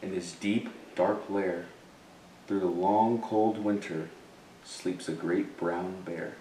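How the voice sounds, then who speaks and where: A man reading a picture book aloud in a lively storytelling way, voicing sound words with relish. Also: sits low, takes it slowly, slight background noise. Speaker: reader. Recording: echoey room.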